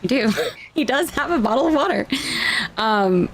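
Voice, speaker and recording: A woman's voice: fairly high pitch, lively intonation, normal speed, slight background noise. A woman in role-play as a town mayor, chatting and laughing easily, then addressing a town hall.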